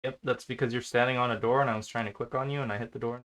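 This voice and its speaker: A man's voice: medium pitch, fairly even intonation, very fast, fairly bright tone. A man running an online tabletop game as game master, explaining the rules patiently.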